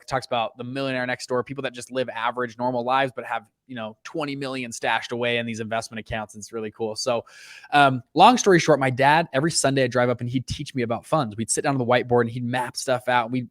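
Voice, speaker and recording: A young adult man, a podcast guest, telling stories in a casual chat and acting out quoted lines with big jumps in pitch. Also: a bit bright, no echo, clean studio sound. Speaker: podcast guest, fund founder.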